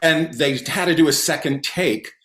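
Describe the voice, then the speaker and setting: A man, a comedian and magician, telling stories animatedly as a guest on a casual podcast, with a loud laugh, talking from home. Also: fairly high pitch, moderate pace. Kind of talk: casual podcast interview storytelling. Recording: roomy echo.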